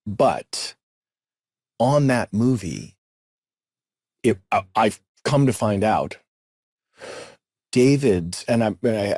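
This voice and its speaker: A man's voice: fairly low pitch, vocal fry, a little mellow, husky, dry recording, clean studio sound. A middle-aged man co-hosting a podcast, chatting casually and telling rambling, jokey stories with repeated words. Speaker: podcast co-host.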